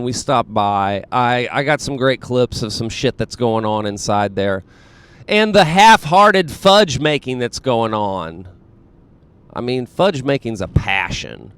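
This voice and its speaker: Smooth-voiced rambling comedian host. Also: male voice, mid-range voice. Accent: Southern US. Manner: rambling, self-deprecating, many fillers. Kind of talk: casual comedic monologue.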